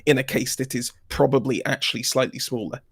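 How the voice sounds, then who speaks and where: A man's voice: medium pitch, steady tone, husky. Wry man, casual tech co-host. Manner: wry, joking asides, drawn-out phrasing. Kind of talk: casual chat over a video call.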